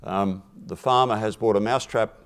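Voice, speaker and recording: A man's voice: lowish voice, steady tone, moderate pace, clean tone, close to an everyday voice. A man voicing a group of worried mice in a spoken fable, asking the farm animals for help in a plain, earnest way. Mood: pleading. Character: frightened little mice pleading for help.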